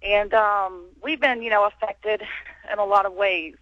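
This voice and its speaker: A woman from Houston calling in to a talk radio show, speaking hesitantly with many pauses. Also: medium pitch, steady tone, dry recording. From Houston, Texas. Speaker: caller. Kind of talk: phone-in call. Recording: muffled dry phone line.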